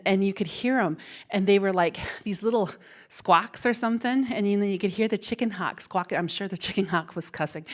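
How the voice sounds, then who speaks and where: A middle-aged woman giving a plenary talk, telling a personal childhood story in an animated way with frequent repeats and laughs. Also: medium pitch. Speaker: plenary speaker. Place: university ballroom.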